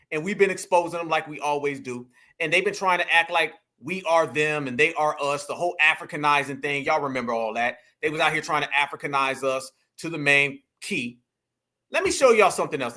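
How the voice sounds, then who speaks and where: A man's voice: a little high, bright, forceful tone. A man hosting a reaction commentary, addressing viewers as "y'all" and "family" and repeating phrases for emphasis. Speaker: commentary host.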